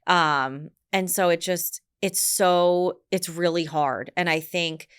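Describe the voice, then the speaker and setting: A woman's voice: on the low side, fairly even intonation, takes it slowly, fairly bright tone, smooth. A woman co-hosting a parenting podcast, talking earnestly in casual chat with many restarts. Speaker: podcast co-host.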